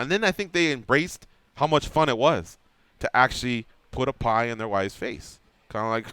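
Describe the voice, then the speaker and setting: A man with a clear, resonant, medium-pitched voice speaks at a moderate pace, no room sound audible. Hosting a radio show in the studio, he relates a lengthy anecdote casually, playing out the quotes with animated flair.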